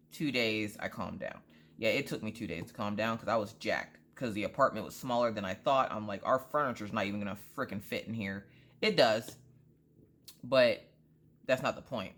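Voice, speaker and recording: A woman vlogger chatting casually, rambling through an animated story with frequent asides. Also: rumbling low. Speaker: crafting vlogger. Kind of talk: casual chat.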